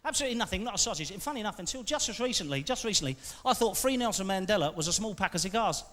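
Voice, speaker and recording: High-voiced man doing cheeky stand-up. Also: expressive, rapid-fire. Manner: cheeky banter with the audience. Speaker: stand-up comedian. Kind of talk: live stand-up routine. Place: large theatre stage. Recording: live theatre recording, echoey hall, loud crowd and noise. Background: audience laughing.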